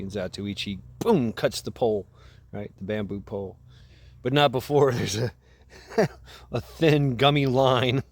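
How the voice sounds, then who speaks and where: A man with a medium-pitched, slightly mellow voice vlogs outdoors by a path into a camera mic. He casually recounts a movie, rambling and profane, and laughs at his own telling.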